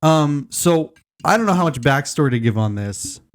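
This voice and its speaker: A man's voice: on the high side, animated, moderate pace. Rambling, laughing man guest. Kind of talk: casual podcast chat.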